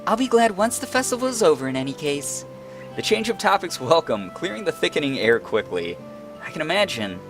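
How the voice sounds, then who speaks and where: A young man reading a visual novel aloud and adding playful, joking commentary, over faint guitar music. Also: mid-range voice. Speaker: let's play host.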